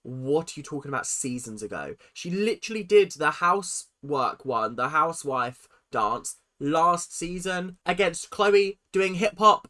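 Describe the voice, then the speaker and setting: Reaction host, animated, sharp-edged voice, opinionated commentary. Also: mid-range voice, a little slow, hardly any pauses. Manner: animated and opinionated, sometimes sarcastic.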